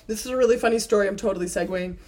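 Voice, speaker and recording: A young woman chats casually as a podcast co-host. She tells her story animatedly, acting out what people said. Her voice sits at an ordinary middle pitch. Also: very fast, heavy background noise. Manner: animated storytelling with acted-out quotes. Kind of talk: casual chat.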